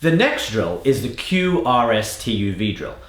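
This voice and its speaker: Australian man coaching with lively emphasis. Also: medium pitch, a little slow, reverberant. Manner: patient, emphatic, drawing out key words. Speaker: accent coach. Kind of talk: instructional lesson with spoken demonstrations.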